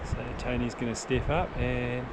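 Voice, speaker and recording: New zealand man, outdoor fishing commentary, wind noise, mid pitch. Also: fairly even intonation, moderate pace. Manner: chatty, running commentary on the fishing. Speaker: host of a fishing show. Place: outdoors by a river, windy.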